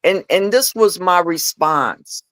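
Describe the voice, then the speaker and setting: A middle-aged woman telling candid personal stories as a podcast guest. She acts out the dialogue in her stories with lively voices. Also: on the low side, slow pace, no echo. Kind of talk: candid storytelling chat.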